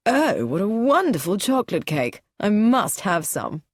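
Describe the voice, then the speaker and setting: A charming young gentleman with a dry, teasing wit, voiced by a woman narrator. He talks in an easy, unhurried, amused way with a lively, moving melody. The sound is close and dry, storybook style. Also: medium pitch, dry recording, close to an everyday voice.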